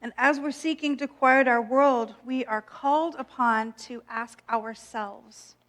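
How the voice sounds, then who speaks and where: A woman minister preaching a gentle, reflective sermon with playful self-mocking asides. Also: fairly high pitch, fairly even intonation, unhurried.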